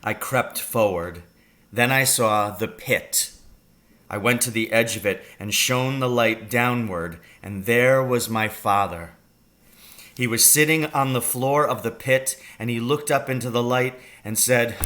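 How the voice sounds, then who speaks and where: A man reading a children's novel aloud, telling the story slowly and deliberately. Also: medium pitch, a bit bright. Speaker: reader.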